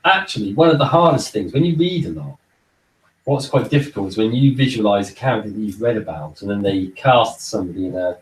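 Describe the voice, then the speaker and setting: A man's voice: on the low side, expressive, fairly quick. A man co-hosting a casual podcast, talking in loose, rambling sentences and often repeating words while he thinks. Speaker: podcast co-host. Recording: roomy echo, far from mic.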